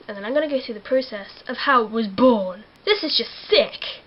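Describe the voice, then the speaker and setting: A teenage girl, excitably recapping a film to camera. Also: on the high side, fairly quick, highs cut off. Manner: giggly, excitable, acts out characters. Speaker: vlogger. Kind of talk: casual movie recap to camera.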